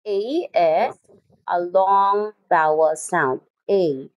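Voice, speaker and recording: A woman's voice: lowish voice, expressive, slow, darkish tone, poor audio. A woman teacher giving a phonics lesson in English, repeating each word and spelling out its syllables.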